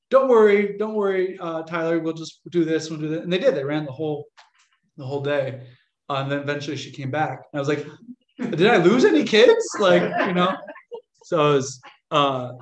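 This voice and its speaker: A young American man, a Catholic priest, telling stories to an audience in a chatty, animated way and acting out the voices of people he quotes. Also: on the high side. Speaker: Catholic priest giving a talk. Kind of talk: casual storytelling lecture. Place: room with an audience. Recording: echoey lecture room.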